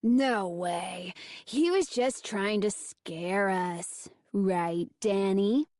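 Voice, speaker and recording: A woman's voice: medium pitch, very slow, a little mellow, dry recording, studio quality. A woman voicing a mocking, snickering boy prankster in a storybook audiobook.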